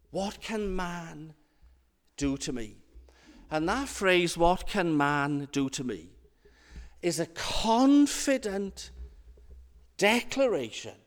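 A man preaching a sermon, slow and deliberate, with emphatic rhetorical questions. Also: high voice, long reverb tail.

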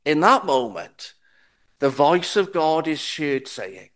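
Slow, deliberate male preacher. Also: on the high side, big pitch swings, a bit bright. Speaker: pastor. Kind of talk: sermon.

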